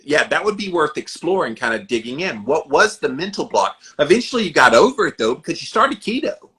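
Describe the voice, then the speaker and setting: A man's voice: a little high, big pitch swings, fairly quick, pushed and bright. A man hosting a podcast, drawing out his guest with engaged questions. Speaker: podcast host. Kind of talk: casual interview chat.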